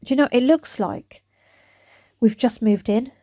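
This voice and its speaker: A woman's voice: on the high side, unhurried, mellow, no room sound. A woman of around forty, rambling chattily to camera in her back garden as a DIY vlogger, her throat going dry. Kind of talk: chatty vlog talk to camera. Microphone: phone camera.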